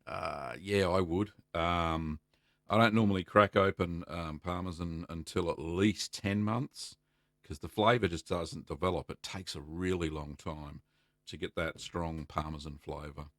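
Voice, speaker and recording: A middle-aged Australian man hosting a casual live stream, chatty and relaxed, greeting viewers by name and filling pauses with ums. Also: low-pitched, no room sound, clean studio sound. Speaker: livestream host answering cheesemaking questions.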